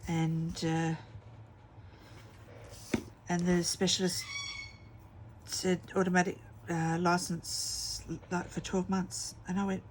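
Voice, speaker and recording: A woman's voice: lowish voice, level tone, slow pace, pauses often, a little hiss or hum. A middle-aged woman, chatting casually and telling rambling stories while she crafts at home. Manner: rambling storytelling with many fillers. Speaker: craft vlogger.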